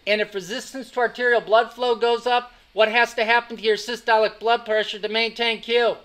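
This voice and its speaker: A man's voice: very high-pitched, level tone, fairly quick, fairly bright tone. A man teaching an anatomy class, emphatic and repetitive, often checking that students are following along. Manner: emphatic, repeats key points, keeps checking students follow. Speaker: anatomy and physiology instructor. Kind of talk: classroom lecture.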